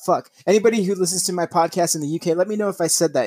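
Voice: mid-range voice, lively intonation, fast, a little mellow, breathy edge, dry recording. A young adult podcast host casually reading news stories aloud, swearing often, laughing and tripping over words.

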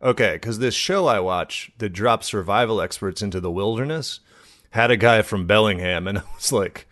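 A man's voice: on the low side, moderate pace, fairly bright tone. A man co-hosting a comedy podcast, chatting casually, laughing often and slipping into silly impressions. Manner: laughs often, does goofy impressions mid-story. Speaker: podcast co-host.

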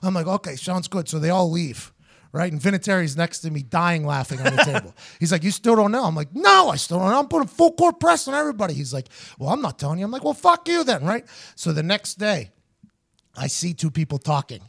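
A man's voice: sits high, brisk, gravelly. A man hosting a podcast, telling a story casually, acting out the other people's voices and swearing freely. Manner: animated, acts out others' voices in his stories, swears freely. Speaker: podcast host.

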